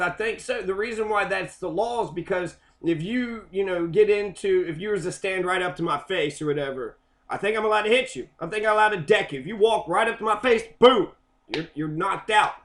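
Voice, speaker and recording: A man's voice: sits high, a bit bright. A man giving casual, rambling commentary on a video, full of profanity and loose asides.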